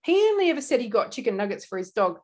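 An Australian woman co-hosting a casual true-crime podcast, telling the story with animated asides and frequent laughs. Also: on the high side, rapid-fire. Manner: animated storyteller, laughs often, slips into quoted voices. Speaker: podcast co-host.

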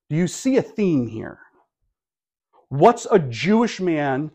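A man's voice: fairly high pitch, darkish tone. Man preaching a chatty sermon. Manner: conversational, wry asides, rhetorical questions. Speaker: pastor.

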